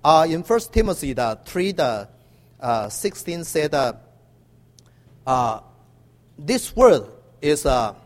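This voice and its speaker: Male preacher, high animated voice, long hall echo. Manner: halting with many uh fillers, emphatic call-and-response. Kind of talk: sermon.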